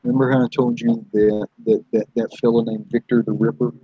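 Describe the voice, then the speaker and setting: A man talking earnestly on a casual live stream, laughing often, with a husky voice. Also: mid-range voice, little pitch movement, brisk, no echo. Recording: dull dry online audio.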